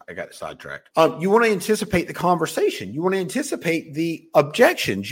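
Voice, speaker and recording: A man hosting a podcast and coaching on sales, talking loosely with frequent swearing and many restarts. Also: a little high. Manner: loose, profane, many restarts and self-corrections. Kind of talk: casual motivational talk.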